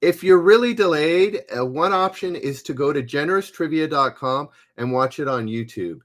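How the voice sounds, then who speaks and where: A man's voice: fairly high pitch, lively intonation, a bit bright. A man hosting a live-streamed trivia game, reading each question twice and stopping often to search for words. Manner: halting, hesitant, reads questions aloud twice with many fillers. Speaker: livestream trivia host. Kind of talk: casual live-stream chat.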